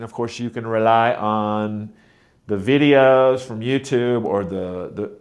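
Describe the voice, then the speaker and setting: An American man, a teacher trainer, giving an instructional video lesson on pronunciation and repeating words to model the sounds. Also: mid-range voice. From United States.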